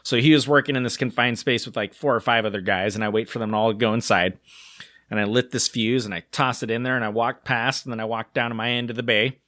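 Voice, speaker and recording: Podcast guy rambling through a story, lots of likes, bright voice, super dry close mic. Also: medium pitch, fairly even intonation, fast, dry recording. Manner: rambling, many "like" fillers, acts out quoted voices. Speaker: podcast co-host. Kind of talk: casual storytelling.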